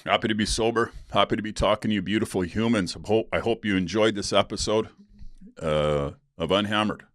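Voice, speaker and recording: A very deep-voiced man hosts a solo podcast in a loose, rambling monologue. He talks candidly and laughs his way through his stories. The recording is close and dry, with no room sound. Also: brisk, a bit bright, no echo. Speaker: podcast host.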